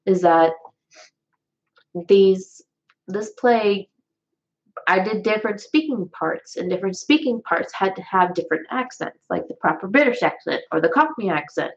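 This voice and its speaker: A woman's voice: mid-range voice, animated, normal speed, highs cut off. A woman vlogger in casual chat, talking straight to her viewers. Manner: chatty, talks straight to viewers.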